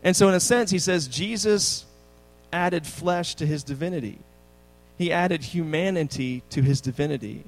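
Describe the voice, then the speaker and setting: A man in his thirties preaching a sermon, telling a story in a casual, joking way with lively quoted dialogue. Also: on the high side, normal speed, rough recording. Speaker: pastor.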